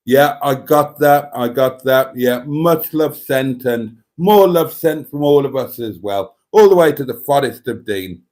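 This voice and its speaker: Chatty, tipsy livestream host. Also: male voice, medium pitch, animated, unhurried, few pauses, darkish tone. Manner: chatty, laughs often, reads comments aloud. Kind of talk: casual livestream chat.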